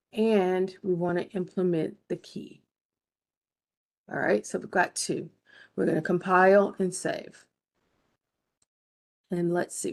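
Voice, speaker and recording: A woman's voice: mid-range voice, a little mellow. Patient woman teaching game design. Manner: patient step-by-step explaining, checks in with students. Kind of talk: recorded screen-share lesson.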